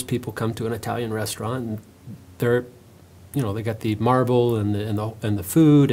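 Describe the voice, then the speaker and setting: An American man, an author, talking about himself in an interview, telling stories in a relaxed, self-mocking way with fillers. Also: mid-range voice. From United States. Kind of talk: interview monologue, telling anecdotes.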